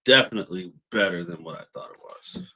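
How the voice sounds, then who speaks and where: An easygoing man co-hosting a wrestling review podcast, with a fairly low voice. He speaks in casual bursts and mostly chimes in with quick agreement. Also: pushed and bright. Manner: short agreeing replies, easygoing. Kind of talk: casual show review chat.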